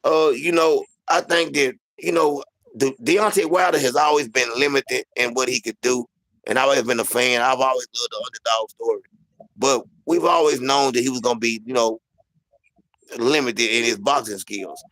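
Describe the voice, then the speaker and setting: A man hosts a casual sports talk show in a gravelly voice, rambling and repeating his points. The sound is dry and close, with no room around it. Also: mid-range voice, normal speed, fairly bright tone, no echo, low-quality recording. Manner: rambling, repeats himself, lots of "you know what I'm saying".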